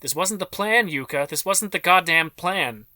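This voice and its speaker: A man voicing a shrill, outraged woman. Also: lively intonation, normal speed, bright, forceful tone, no room sound, studio quality, heavily acted. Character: outraged woman crew member shouting.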